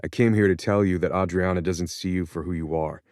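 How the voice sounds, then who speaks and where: A man's voice: low voice, fairly even intonation, normal speed, a little mellow, no echo, clean studio sound. A man voicing an angry young adult son, clipped and confrontational in an audiobook. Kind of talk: audiobook character voice.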